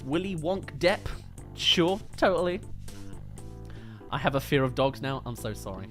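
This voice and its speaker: Brief: British male streamer, fairly high and very animated, casual chatty movie commentary. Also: faint music behind. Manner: chatty, answers viewer comments with quick jokes. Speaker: movie review livestream host.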